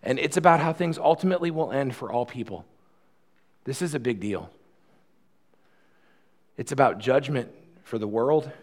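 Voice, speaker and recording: A man preaching a sermon in a conversational style, swinging from loud, fast passages to quiet, slow ones. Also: medium pitch, animated. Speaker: pastor.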